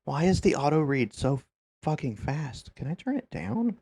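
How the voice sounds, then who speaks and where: A man's voice: a little high, big pitch swings, moderate pace, dark tone, slightly rough. A man streaming a game, chatting casually in a rambling, hesitant way. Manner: rambling, hesitant, lots of fillers. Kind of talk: casual live-stream commentary.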